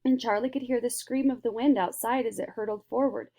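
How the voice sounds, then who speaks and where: A woman reading a children's book aloud in a lively storytelling manner. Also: on the high side, brisk. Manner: lively, switches into character voices. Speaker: reader.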